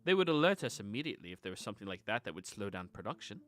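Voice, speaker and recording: A man voicing a haughty noblewoman in a tabletop game who brushes off a question quickly. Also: lowish voice, big pitch swings, fairly bright tone, pitched below the performer's own voice. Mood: dismissive. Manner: quick, dismissive.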